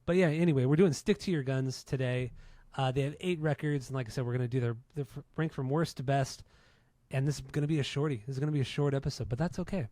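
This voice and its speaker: A man hosting a casual music podcast, talking quickly and chattily with his co-host over a remote link. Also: mid-range voice, dark tone, no room sound. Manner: fast, chatty intro patter.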